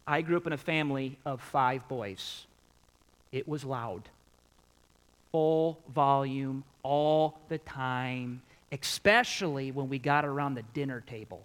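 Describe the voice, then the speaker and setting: A man's voice: medium pitch, slow pace, rough recording. A pastor preaching a sermon to his congregation, putting questions to his listeners and repeating key points for emphasis. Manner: animated, swinging from quiet to loud.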